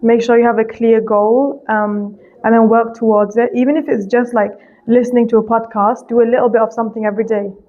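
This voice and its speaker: Fast-talking British woman teacher. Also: on the high side, level tone. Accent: British, with some American. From England. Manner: frank, chatty, quick-talking, with many "like"s. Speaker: English teacher. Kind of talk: casual interview answers. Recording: muffled lo-fi audio.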